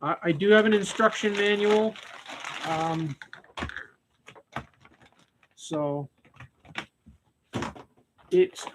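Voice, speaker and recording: A man's voice: high voice, extremely slow, pauses often, background noise. A man hosting a live stream, chatting casually while tying flies, often trailing off and restarting sentences. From Canada. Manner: rambling, with frequent restarts and fillers.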